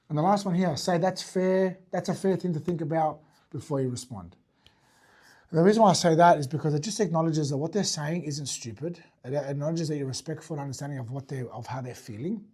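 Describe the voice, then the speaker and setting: Quick-talking husky guy, blunt, swears a bit, keeps saying right, teaching sales to a group. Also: a little high, darkish tone. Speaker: fitness business owner and sales coach. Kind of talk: teaching talk to an audience.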